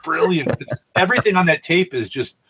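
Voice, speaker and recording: A man's voice: fairly high pitch, animated, fairly quick, vocal fry, background noise. A man co-hosting a podcast, telling rambling anecdotes in casual chat and swearing freely. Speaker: podcast co-host.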